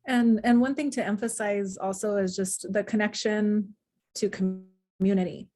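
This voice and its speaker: A woman's voice: mid-range voice, fairly even intonation, moderate pace, mellow. Thoughtful woman speaking in a webinar. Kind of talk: webinar talk.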